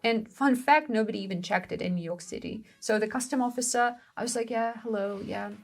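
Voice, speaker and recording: A young woman co-hosting a show, telling a story in a lively, exclaiming way. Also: a little high, a little fast. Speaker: co-host of a language-learning show. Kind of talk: casual conversational storytelling.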